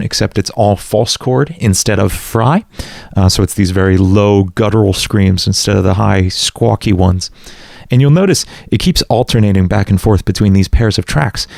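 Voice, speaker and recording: A man hosting a music production tutorial, explaining his remake step by step in a relaxed, self-deprecating way with frequent fillers. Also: fairly low pitch, vocal fry, no echo, clean studio sound. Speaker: music producer and channel host.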